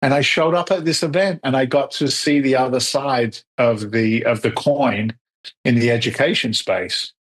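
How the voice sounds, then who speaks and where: A middle-aged man telling stories as a podcast guest, acting out the dialogue lively as he talks. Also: medium pitch, moderate pace. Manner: animated storyteller who acts out quoted dialogue. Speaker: podcast guest, real estate investor. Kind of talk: storytelling interview answers.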